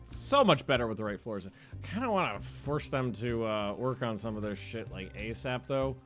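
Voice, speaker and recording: A man's voice: medium pitch, lively intonation, moderate pace, fairly bright tone, faint music behind. A young American man streaming a colony game, rambling and correcting himself as he plays. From United States. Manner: chatty, rambling, self-correcting. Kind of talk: casual gameplay commentary.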